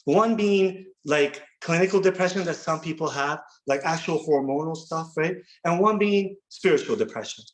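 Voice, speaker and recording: Guy telling his sobriety story, bit high voice, keeps restarting, earnest. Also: moderate pace, hardly any pauses, rough recording. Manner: earnest, repeats words and restarts often. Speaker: recovery workshop speaker. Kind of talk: personal recovery share.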